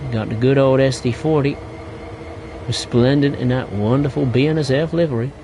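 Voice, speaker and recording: A man's voice: medium pitch, moderate pace, voice pushed up, close to an everyday voice. A man voicing a jolly American railroad man with a put-on American accent, folksy and showing off the locomotives. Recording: game train noise behind.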